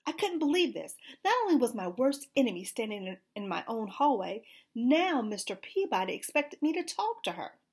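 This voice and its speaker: A woman reading a children's storybook aloud in an expressive, animated way. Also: on the high side, moderate pace, hardly any pauses, slightly rough.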